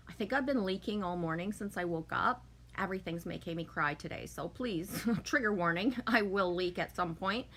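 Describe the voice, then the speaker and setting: Reading out viewers' comments and replying with chatty emotion, this livestream host keeps things casual with her live audience. She has a medium-pitched, slightly bright voice.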